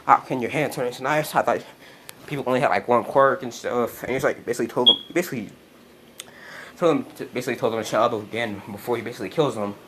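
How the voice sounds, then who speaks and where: A man's voice: medium pitch, fast, noisy background. A man casually retelling a fan story, rambling and swearing as he goes. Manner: rambling, leans on "basically" and swearing. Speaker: channel host. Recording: roomy echo.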